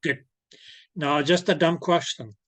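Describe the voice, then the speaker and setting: A man's voice: fairly high pitch, fairly even intonation, a little slow, fairly bright tone, no room sound. A man teaching an online class, patiently checking that students follow and often correcting himself. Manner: patient, checks understanding, frequent self-corrections. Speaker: lecturer. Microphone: video call.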